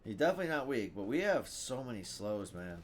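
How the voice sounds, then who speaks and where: A man giving live commentary on his own game, thinking out loud, reading card text aloud and bursting into loud cheers. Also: fairly low pitch, big pitch swings, a little fast, faint music behind. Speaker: gameplay streamer.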